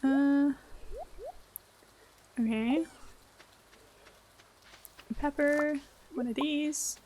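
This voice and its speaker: A woman with a high voice chats with viewers while she plays a game. She talks slowly and laughs often in an easy, casual way. Faint noise sits under her voice. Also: fairly even intonation, a little mellow. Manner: giggly, chatty, answering chat. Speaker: streamer. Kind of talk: casual gameplay chat.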